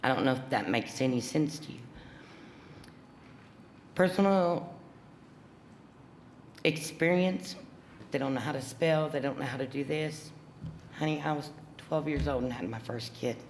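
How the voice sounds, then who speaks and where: A woman's voice: extremely low pitch, a little slow, long pauses, darkish tone. An emotional woman, pleading earnestly during public comment at a council meeting, recorded in an echoey council chamber. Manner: earnest, pleading, plain-spoken. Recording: echoey hall with faint hum.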